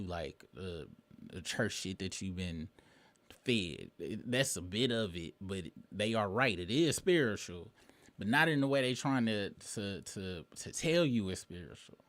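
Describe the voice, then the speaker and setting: A man in his late thirties hosts his own show, delivering a rambling, profane commentary monologue punctuated by emphatic bursts. His voice is fairly low, and the recording is dry.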